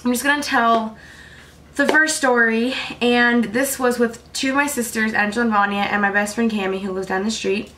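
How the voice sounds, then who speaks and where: A young woman with a slightly high voice tells a story straight to her camera. She is tired and rambles along casually, stringing her sentences together with plenty of "like" fillers. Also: fairly even intonation, normal speed, bright, forceful tone. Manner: chatty, rambling, many "like" fillers. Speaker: vlogger.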